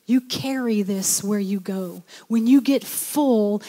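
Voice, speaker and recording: A woman's voice: medium pitch, slow, hardly any pauses, mellow. Exhorting woman pastor in echoing church. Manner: exhorting, repeats "come on". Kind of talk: sermon.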